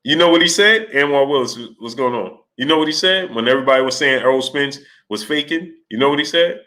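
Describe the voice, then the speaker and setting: Animated man hosting a live stream. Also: mid-range voice, quick pace. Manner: animated storytelling, laughing, mimicking voices. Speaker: host. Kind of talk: live stream chat, reading Super Chats.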